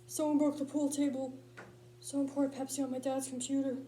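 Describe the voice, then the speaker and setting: A woman's voice: sits high, little pitch movement, brisk, dark tone, echoey room, a little hiss or hum, close to an everyday voice. A woman voicing a flustered teenage boy who complains earnestly in a comic monologue. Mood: worried. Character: flustered teenage boy, worried about his parents.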